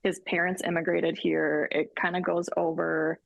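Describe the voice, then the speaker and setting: A woman guest, a counselor, speaking in a measured, slightly hesitant way in casual chat. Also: lowish voice, flat delivery, gravelly, no room sound.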